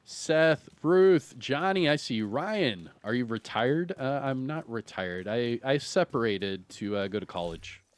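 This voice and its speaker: A man in his thirties streaming a video game, telling a long story in a rambling, animated way with lots of fillers and laughter. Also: medium pitch, a little slow, hardly any pauses, dry recording. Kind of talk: casual storytelling while streaming.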